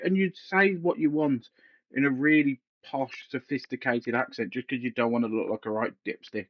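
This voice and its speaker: A man's voice: medium pitch, moderate pace, no room sound, highs cut off. A man hosting a casual podcast chat, rambling and joking with frequent laughter. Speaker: podcast host. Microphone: headset.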